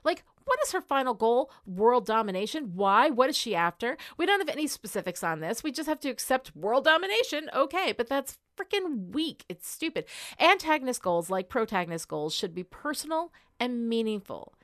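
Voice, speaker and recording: A woman's voice: a little high, sing-song, normal speed, few pauses, fairly bright tone. A woman co-hosting a casual chat about a TV show, ranting in an exasperated, profane way. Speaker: podcast co-host.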